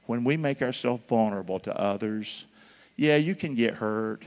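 A male pastor preaching a sermon, calling out for answers from the congregation and swinging between loud and hushed. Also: mid-range voice, normal speed. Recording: long hall reverb.

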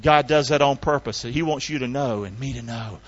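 A man preaching a sermon in a folksy, call-and-response style, swinging between loud emphatic shouts and low hushed tones. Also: brisk, slight background noise. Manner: folksy, colloquial delivery. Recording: dull, dry, lo-fi recording.

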